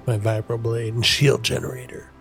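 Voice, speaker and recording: A man's voice: medium pitch, little pitch movement, moderate pace, vocal fry, fairly bright tone, faint music behind. A man playing a tabletop game, chatting in an easygoing way. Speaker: player. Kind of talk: casual tabletop play.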